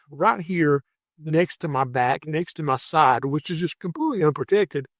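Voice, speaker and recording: A man telling a rambling animal story in a casual, animated way, stumbling and restarting as he goes. His voice sits a little high. The recording is dry and close, with no room sound. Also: dry recording. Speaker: podcast host, wildlife catcher.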